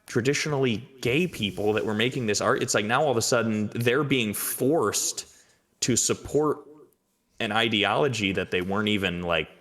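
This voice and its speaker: Young man, low-pitched, casual podcast chat, rambling delivery. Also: normal speed, fairly bright tone. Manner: rambling, many fillers. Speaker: podcast co-host.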